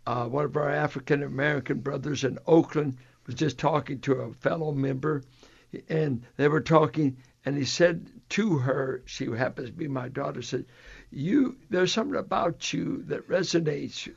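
A male pastor who is a radio guest tells stories with a joking touch. His fairly high voice has a gravelly, fry-laden texture, and the sound is dull and lo-fi. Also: steady tone, moderate pace. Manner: storytelling, joking. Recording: lo-fi radio broadcast.

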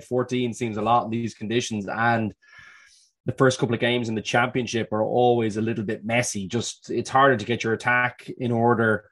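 A man co-hosting a podcast, talking in a laid-back, hesitant way with fillers. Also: medium pitch. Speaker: podcast co-host. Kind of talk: casual podcast chat.

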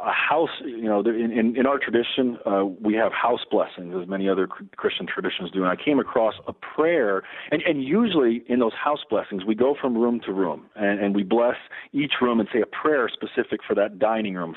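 A middle-aged man, a Lutheran campus pastor, talking earnestly as a radio guest, often restarting his sentences. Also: medium pitch. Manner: earnest, halting with many restarts. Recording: tinny phone line.

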